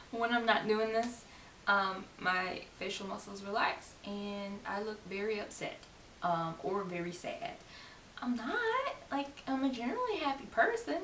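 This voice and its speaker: A woman's voice: medium pitch, fairly bright tone. A young woman vlogging in a casual, chatty way, with laughing asides and quoted lines acted out. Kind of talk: casual talk to camera. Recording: roomy echo, distant mic, faint hiss.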